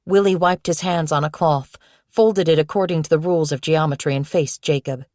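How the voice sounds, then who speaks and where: Low-voiced woman reading an audiobook, steady and even, dry close sound. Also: no echo. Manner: steady, measured storytelling. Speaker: audiobook narrator. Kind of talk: scripted narration.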